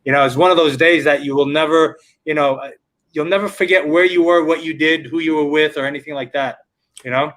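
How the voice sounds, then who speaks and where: Male interview host from Israel, slightly high voice, eager and chatty. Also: fairly even intonation, brisk, fairly bright tone. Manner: repeats and restarts words, enthusiastic. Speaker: podcast host. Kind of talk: casual interview chat.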